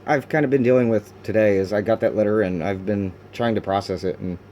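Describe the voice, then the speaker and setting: A man recording a confessional video diary at home, talking in halting, raw bursts with many restarts and fillers, frustrated and sometimes cursing. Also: lowish voice, steady tone, darkish tone, slight background noise. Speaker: video diarist.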